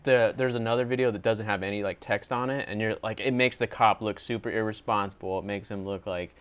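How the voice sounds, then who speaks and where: A man's voice: on the low side, steady tone, brisk, fairly bright tone, clear, resonant tone. A man co-hosting a reaction show, chatting casually, explaining clips and asking his partner's opinion. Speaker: co-host.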